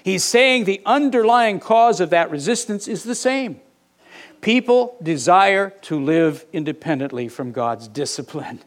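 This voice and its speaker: A man preaching a sermon, reading scripture aloud with animated, mock-indignant asides. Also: high-pitched. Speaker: pastor.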